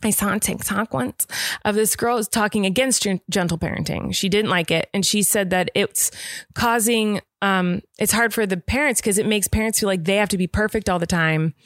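A woman's voice: medium pitch, normal speed, dry recording, clean studio sound. A young woman in a casual chat about raising her son, earnest and rambling, often acting out what she and the child say. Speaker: parent in a podcast chat.

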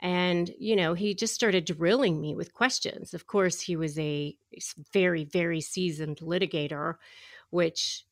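Woman, middle-aged, animated storyteller, lowish voice, dry close sound. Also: a little slow, dry recording. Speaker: guest, divorce attorney and negotiator. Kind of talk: storytelling in a podcast interview.

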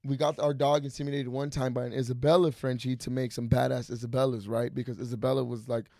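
Gravelly young dude on a podcast, animated and cussing a lot, dry close mic. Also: male voice, mid-range voice, quick pace, no echo. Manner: animated, profane storyteller. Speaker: podcast guest. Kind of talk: casual podcast storytelling.

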